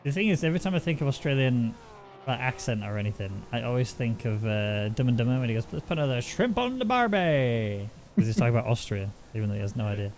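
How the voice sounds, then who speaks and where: A man's voice: mid-range voice, quick pace, a little mellow, a little hiss or hum. Joking race commentator, man. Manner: chatty, jokey, teasing. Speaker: sim racing commentator. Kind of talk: live race commentary and banter.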